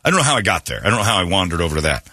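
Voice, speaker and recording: A man hosting a radio talk show, telling a funny story in an animated way and acting out the voices in it. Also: deep voice, racing, dry recording, clean studio sound. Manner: animated, acts out his own crying and other voices.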